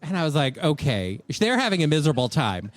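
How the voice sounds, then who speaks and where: A man's voice: on the high side, big pitch swings, brisk, dry recording. A man co-hosting a live comedic podcast, ranting and acting out people in exaggerated voices. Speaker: podcast co-host.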